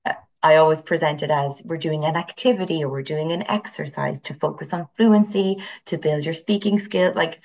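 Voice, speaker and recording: A woman with an Irish accent, a teacher speaking as an interview guest and telling animated stories from her classes. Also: deep voice, normal speed, lo-fi sound. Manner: animated storyteller, acts out voices. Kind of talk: conversational interview.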